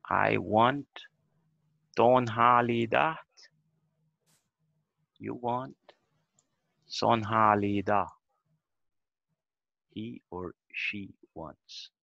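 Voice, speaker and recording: A man leads a beginner language lesson over a video call, methodical and patient as he sounds words out syllable by syllable. His voice is low and gravelly and his delivery is slow. The audio is dull and lo-fi, with a close, dry sound. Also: pushed and bright, no echo. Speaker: language teacher.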